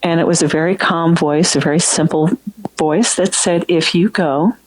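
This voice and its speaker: Low-voiced woman telling an emotional story. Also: steady tone, low-quality recording. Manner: earnest, halting, recounting with restarts. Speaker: guest sharing a personal story. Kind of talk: emotional first-person storytelling.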